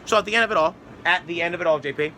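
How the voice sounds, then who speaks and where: A man's voice: a little high, very fast, sharp tone, a little hiss or hum. A man giving a rambling, sarcastic opinion monologue as a political commentator, mocking others with put-on voices.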